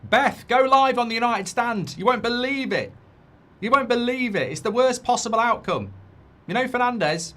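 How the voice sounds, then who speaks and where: A man doing a shrill panicking pundit. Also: lively intonation, fairly bright tone. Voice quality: shrill, fast panicky squealing. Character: panicking frantic male football pundit.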